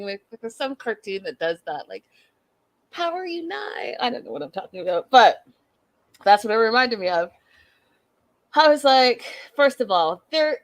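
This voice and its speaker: A woman hosts a live-stream recap of a reality show, blunt, sassy and animated as she mocks and acts out the cast members. Her voice is medium-pitched and the recording is dry.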